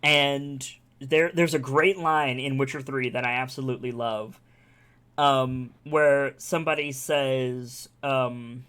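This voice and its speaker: A man's voice: mid-range voice, steady tone, slow, fairly bright tone, smooth. A man streaming live, talking casually and enthusiastically about a game, rambling and swearing freely. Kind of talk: casual chat.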